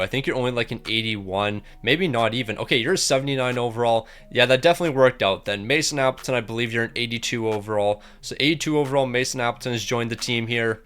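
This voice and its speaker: A young man casually commentating a hockey video game, joking and talking straight to the players. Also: medium pitch. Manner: energetic, joking, talks to the players directly. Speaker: gaming YouTuber.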